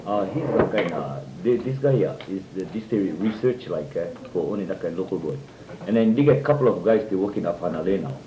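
A man with a Hawaiian Pidgin accent telling stories casually among friends, animated and full of fillers, acting out quoted speech. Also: low-pitched, quick pace, noisy background. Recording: roomy, dull lo-fi recording.

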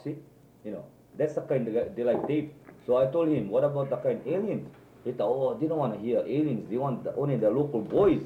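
A man with a Hawaiian Pidgin accent, telling stories in casual chat and rambling with constant "you know" and "eh?" tags. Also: low-pitched. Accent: Hawaiian Pidgin English. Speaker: local man chatting with friends. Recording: tinny, echoey, faintly noisy tape.

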